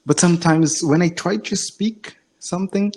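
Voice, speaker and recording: A man's voice: sits high, moderate pace, a little mellow, a little hiss or hum. A man practicing English on a video call, polite and eager, agreeing often. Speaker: English learner, channel host. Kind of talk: casual video call lesson.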